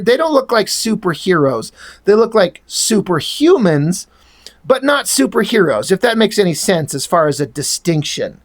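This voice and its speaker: Man hosting a casual comic review, rambling and profane, with strong opinions on the art. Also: sits high.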